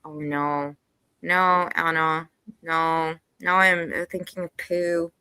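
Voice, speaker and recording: A woman's voice: deep voice, flat delivery, slow pace, sharp tone, clean tone, no echo. A woman hosting a casual livestream chat, giggling often and trailing off mid-thought. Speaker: stream host.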